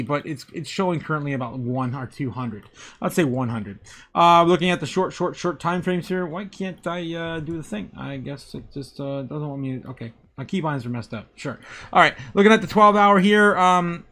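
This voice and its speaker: Crypto stream host guy, kinda high voice, laughs a lot, says everything twice. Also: fairly bright tone. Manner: chuckles often, greets chat by name, repeats phrases. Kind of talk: casual live chat and chart commentary.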